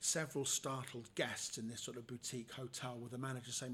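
Casting note: man, comedian guest on a podcast, animated storyteller, mid-range pitch, faint hiss in the background. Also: brisk. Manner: animated storyteller, acts out the people in his stories. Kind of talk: casual anecdotal storytelling.

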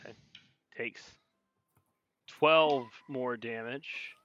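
Bright-voiced male game master. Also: medium pitch, slight background noise. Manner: slows down for dramatic narration. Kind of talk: narrating a tabletop game. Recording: dull, dry lo-fi audio.

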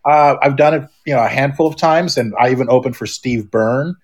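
A man's voice: medium pitch, brisk, slightly rough. A middle-aged man, a podcast guest, talking casually and rambling, with many restarts and fillers. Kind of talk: casual chat.

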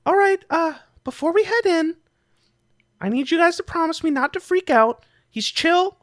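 Man as a jumpy male guide creature from the underworld: high, airy, reassuring, a little nervous. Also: animated, moderate pace, a bit bright, no room sound, studio quality. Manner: cautious and reassuring.

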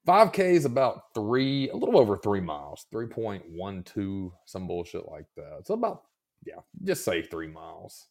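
Male podcast host, slightly hoarse, low and animated delivery, loose profane rambler. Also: normal speed. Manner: rambling, swears freely, self-mocking. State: slightly scratchy throat. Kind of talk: casual chat.

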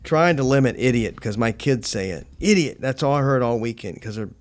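A man's voice: mid-range voice, expressive, fairly quick. A middle-aged man co-hosting a podcast in casual chat, joking crudely and poking fun at himself. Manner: crude, self-mocking joking. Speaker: podcast co-host.

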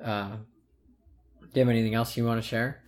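A man's voice: medium pitch, little pitch movement, fairly quick. A man in his thirties co-hosting a podcast, telling a personal story earnestly with many restarts. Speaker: podcast co-host. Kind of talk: casual storytelling chat.

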